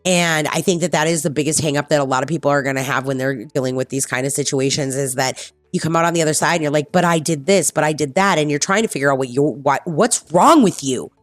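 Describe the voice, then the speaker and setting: Talking fast in a low voice, this woman streamer keeps things casual and personal, swearing often and saying things twice to drive them home. She is blunt and candid. There's no room sound, just soft music in the background.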